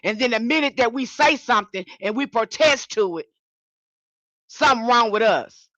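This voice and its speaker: Fiery, forceful woman preaching. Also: a little high, animated, moderate pace, dry recording, highs cut off. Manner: fiery, confrontational, repetitive. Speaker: spiritual teacher. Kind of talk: impassioned livestream sermon.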